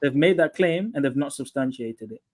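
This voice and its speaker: A man's voice: medium pitch, lively intonation, moderate pace. A man hosting a live panel debate, cutting in and repeating himself to hold the floor.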